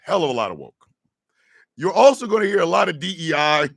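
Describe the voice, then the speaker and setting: A man hosting a morning radio show, riffing in a loud, slangy comedic way with frequent laughter and shouted outbursts. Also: a little high, sing-song, fairly quick, vocal fry, dry recording, studio quality. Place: radio studio.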